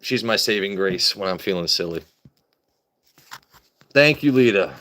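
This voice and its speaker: A man's voice: deep voice, expressive, a little slow, pushed and bright. A man hosting a casual comedy livestream, rambling and riffing with stammered restarts. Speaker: livestream host.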